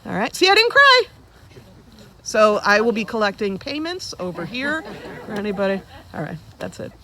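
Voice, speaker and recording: A woman's voice: mid-range voice, lively intonation, a little fast, a bit bright. A woman in her forties speaks at her father's funeral, addressing the people gathered in front of her. She tells funny stories in a loose, conversational way, with plenty of ums and restarts. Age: 40s. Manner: conversational, humorous storytelling. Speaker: eulogist, daughter of the deceased. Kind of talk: funeral eulogy. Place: funeral service before a gathered audience.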